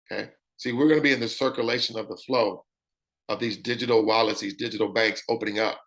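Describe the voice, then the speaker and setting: Raspy-voiced man giving a sales pitch. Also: fast. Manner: animated, repeats "okay?" often. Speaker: presenter.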